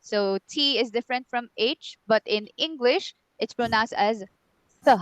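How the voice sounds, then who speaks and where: Encouraging higher-pitched woman tutor. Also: moderate pace, a bit bright, smooth, no echo, low-quality recording. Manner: encouraging, repeats words for drilling. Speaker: English teacher. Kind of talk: online tutoring session.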